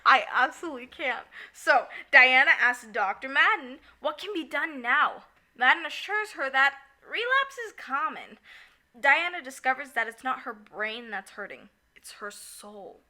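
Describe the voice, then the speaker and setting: A woman co-hosting a podcast in casual chat, recapping a musical with lots of giggling and quick acted-out lines. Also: high voice. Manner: giggly, animated, acts out characters in quick asides. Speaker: podcast co-host.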